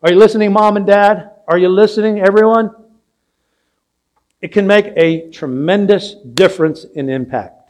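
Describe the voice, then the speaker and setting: Older male pastor with a high voice, preaching in a storytelling way. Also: moderate pace, a little mellow. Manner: storytelling, asks the audience questions. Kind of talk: sermon. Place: church sanctuary.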